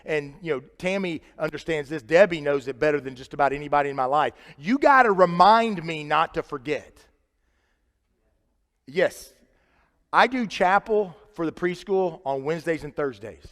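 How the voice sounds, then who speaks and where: High-voiced preacher in a reverberant sanctuary. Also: male voice, lively intonation, normal speed. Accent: Midwestern American. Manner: conversational, swings from loud emphatic to quiet and low. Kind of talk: sermon. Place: church sanctuary. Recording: live church sanctuary with long reverb.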